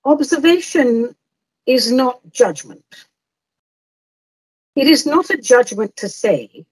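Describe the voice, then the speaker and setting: A woman's voice: high-pitched, lively intonation, slow, pauses often, breathy edge, poor audio. A woman hosting a radio advice show, reading and answering listener letters in a playful, teasing way with frequent laughs. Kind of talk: advice talk, reading a listener email aloud.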